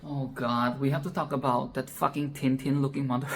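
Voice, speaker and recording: A woman giving casual, expressive film commentary, swearing freely and repeating phrases for emphasis. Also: very deep voice, normal speed, a little hiss or hum.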